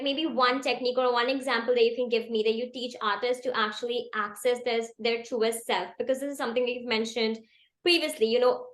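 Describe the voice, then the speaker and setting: A woman's voice: on the high side, fairly bright tone. A woman moderating a panel who asks long, searching questions and gives short affirmations. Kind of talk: interview questions. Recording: roomy echo.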